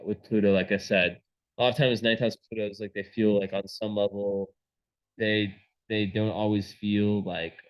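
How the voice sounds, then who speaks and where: A man's voice: on the low side, level tone, moderate pace, low-quality recording. A man giving a casual astrology reading, rambling with many fillers and restarts.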